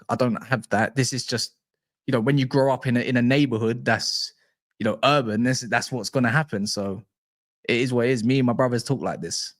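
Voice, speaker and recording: A man hosting a football livestream, chatting casually and reading live comments in a slangy, animated way, often restarting and stumbling over names. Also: medium pitch, dry recording, studio quality.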